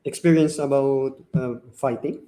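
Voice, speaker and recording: A man's voice: mid-range voice, fairly even intonation, measured pace, dark tone. A man with a Filipino accent giving short, hesitant answers as a co-host guest, mixing English and Tagalog. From Philippines. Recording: roomy call audio.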